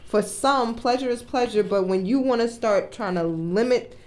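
A woman's voice: fairly high pitch, normal speed, darkish tone. A woman co-hosting a casual podcast chat, speaking frankly and matter-of-factly. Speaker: podcast co-host.

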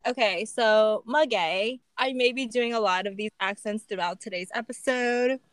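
A woman's voice: fairly high pitch, moderate pace, no room sound. A woman co-hosting a casual chat, thinking aloud and guessing at meanings. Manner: relaxed, thinks aloud with fillers. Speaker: podcast co-host.

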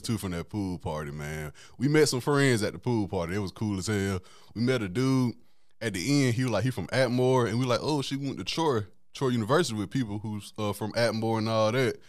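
Laid-back low-voiced man telling stories. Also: no echo, clean studio sound. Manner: laid-back, laughs often, slangy. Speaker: podcast host. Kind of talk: casual storytelling.

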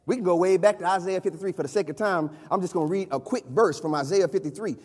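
A man preaching a sermon, with a high-pitched voice that rings out across a church sanctuary. He is emphatic and hammers his points home by repeating phrases. A long reverb trails every word. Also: quick pace, darkish tone. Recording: long reverb of a large hall.

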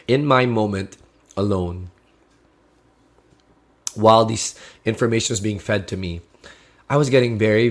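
A man preaching a sermon, sharing a personal testimony in an earnest, heartfelt way with frequent restarts. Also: on the low side.

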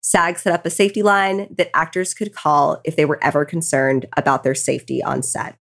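A woman's voice: low voice, steady tone, brisk, vocal fry, fairly bright tone. A tipsy woman co-hosting a podcast, retelling a true crime case casually with angry asides. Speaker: podcast co-host.

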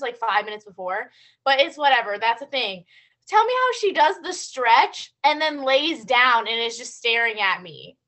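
A young woman co-hosting a podcast, telling stories and ranting in a casual, animated way, with lots of "like". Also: fairly high pitch, moderate pace. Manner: animated storytelling, ranting, heavy use of "like". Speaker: podcast co-host. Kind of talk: casual chat.

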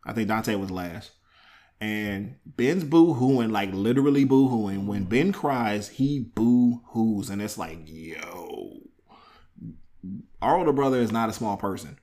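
Young guy host, kinda low voice, teasing and laughing a lot, chatty. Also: slow pace. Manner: teasing, laughs often, tells animated family stories. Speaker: podcast host. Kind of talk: casual chat.

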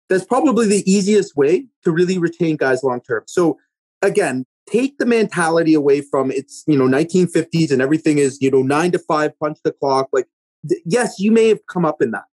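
Husky man giving business advice. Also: on the high side, lively intonation, moderate pace, a little mellow, no echo. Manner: emphatic, coaching tone with frequent "right?" checks. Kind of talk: casual podcast conversation.

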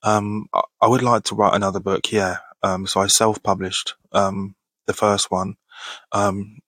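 A man's voice: on the low side, little pitch movement, measured pace, a bit bright, slightly rough, dry recording. A man around thirty hosting a casual Q&A podcast, reading out listener questions and answering them in a laid-back way, laughing often and swearing casually. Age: 30s. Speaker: podcast host.

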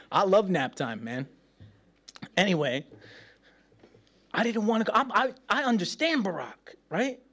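Animated preacher, slightly high male voice. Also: slow, long pauses. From United States. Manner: playful, laughs often, acts out voices. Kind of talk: sermon with personal stories.

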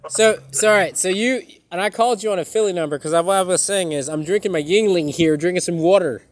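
A man's voice: high-pitched, quick pace. A man in casual chat, joking and teasing with a friend, heard over a noisy call.

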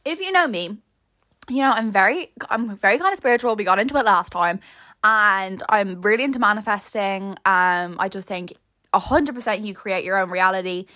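A woman's voice: mid-range voice, moderate pace, bright, forceful tone, no echo. A young Irish woman hosting a podcast, chatting casually and rambling through self-mocking stories. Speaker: podcast host. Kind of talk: casual chat.

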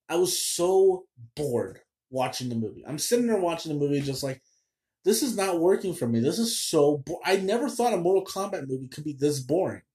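A man's voice: a little high, a little mellow. A man hosting a casual movie review show, ranting in a chatty, exasperated way with lots of fillers.

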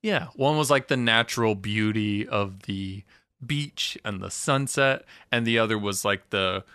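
A man's voice: lowish voice, unhurried, bright, forceful tone, clear, resonant tone, no echo, clean studio sound. A man co-hosting a casual recap chat, laughing often and acting out scenes. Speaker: podcast co-host.

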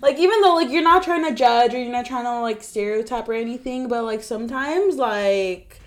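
A woman's voice: on the high side, moderate pace. A young woman co-hosting a podcast in casual chat, talking chattily about her old retail job. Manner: chatty, reacts with laughs and exclamations. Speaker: podcast co-host.

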